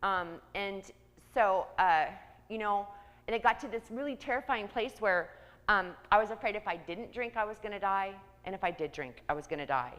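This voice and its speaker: A woman's voice: mid-range voice, lively intonation, normal speed, a bit bright. Woman giving a candid testimony in a hall. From Kansas, US. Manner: candid, conversational, many ums. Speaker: church outreach coordinator. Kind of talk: personal testimony talk. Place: church. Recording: reverberant church hall.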